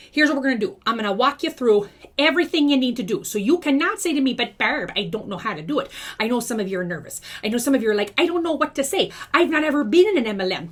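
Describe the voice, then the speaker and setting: A woman putting on a bossy older former schoolteacher, blunt and folksy, who lectures and scolds her viewers in a comic monologue. Her voice sits fairly high and swoops up and down with lively, animated inflection. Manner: scolding, chatty, talks straight to viewers. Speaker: video creator. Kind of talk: comedic character monologue.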